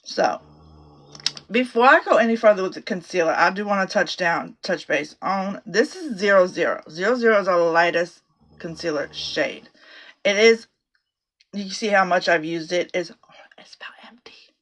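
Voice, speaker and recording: A woman's voice: fairly low pitch, expressive, normal speed, fairly bright tone. A middle-aged woman chatting casually through a makeup tutorial from a small home office closet. She rambles and swears freely. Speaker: makeup vlogger.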